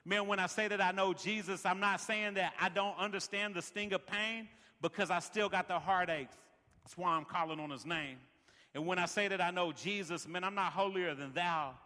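A man's voice: high-pitched, moderate pace, bright, forceful tone, in a large hall. A man preaching a sermon as pastor, peppering his lines with "man" and building rhythmic refrains. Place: large worship center.

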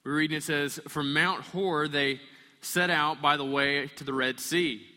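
A man preaching a sermon, animated and storytelling, acting out the voices of the people in the story. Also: on the high side, measured pace, long reverb tail. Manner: animated, acts out voices of complaining people and kids. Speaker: pastor.

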